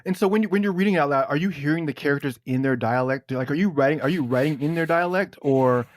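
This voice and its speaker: A man's voice: fairly high pitch, quick pace, no echo, studio quality. A man hosting a podcast, asking curious questions of his guest. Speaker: podcast host. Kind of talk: podcast interview.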